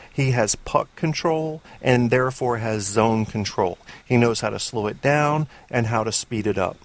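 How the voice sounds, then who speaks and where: A man hosting a casual call-in sports talk show, opinionated and rambling off on tangents, with frequent swearing. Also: medium pitch. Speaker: sports podcast host.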